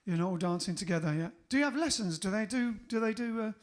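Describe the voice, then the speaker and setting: A man's voice: high voice, animated, quick pace. A man, a band's singer, chatting casually with a bandmate on a livestream, rambling and joking, often trailing off mid-thought. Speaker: band singer and co-host.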